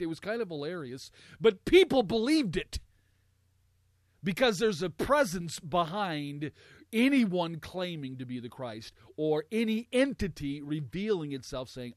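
A man with a high voice delivers a sermon in slow, deliberate phrases. He leans hard on repeated words, swelling to loud peaks and sinking to near murmurs. The sound is dry and close, with no room around it. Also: very animated, no room sound. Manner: emphatic, rising to loud peaks and dropping low. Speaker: preacher.

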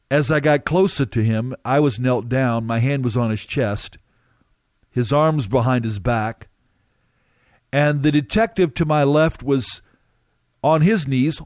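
A man recounting a dramatic first-person testimony as a minister, emphatic and halting, with drawn-out pauses. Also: mid-range voice, a little mellow, dry recording, clean studio sound.

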